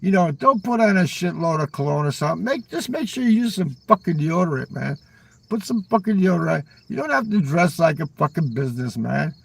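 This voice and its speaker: An older man rambles through a live stream, cursing constantly and answering his chat. His husky, fry-laden voice sits a little above the usual male pitch. He sounds a bit distant from the microphone. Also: very animated, a little fast, no room sound. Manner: profane, rambling, ends lines with "man"; talks back to chat viewers. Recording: voice a little far from the mic.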